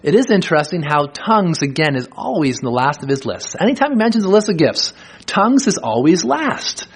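A man preaching an expository sermon, reading verses slowly and then explaining them with rhetorical questions. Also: fairly high pitch, sing-song, slightly rough.

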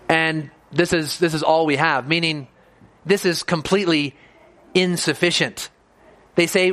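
A man's voice: high-pitched, a bit bright. A man preaching a sermon as pastor, earnestly explaining scripture verse by verse.

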